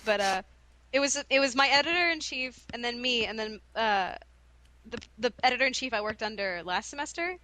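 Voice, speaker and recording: A woman's voice: fairly high pitch, animated, a little fast, pushed and bright, dry recording. A young woman in college, telling stories in a casual chat, giggly and self-deprecating. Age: young adult. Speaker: podcast co-host.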